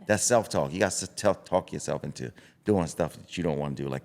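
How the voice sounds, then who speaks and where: A man's voice: deep voice, fast, creaky, a little hiss or hum. A middle-aged man, a boxing coach, talking bluntly and animatedly in a casual podcast conversation. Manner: blunt, animated, acts out voices of self-talk.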